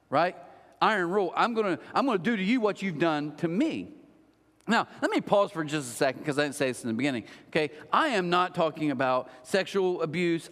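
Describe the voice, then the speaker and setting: A pastor giving a casual, conversational sermon, retelling a Bible story with animated voices for the people in it. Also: male voice, sits high. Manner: animated storytelling, acts out quotes. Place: church auditorium. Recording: long hall reverb.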